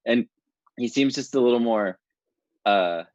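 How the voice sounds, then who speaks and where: A man co-hosting a soap opera recap podcast, chatty and quick to laugh. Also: mid-range voice, big pitch swings, no echo. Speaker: podcast co-host. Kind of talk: casual chat. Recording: dull dry lo-fi sound.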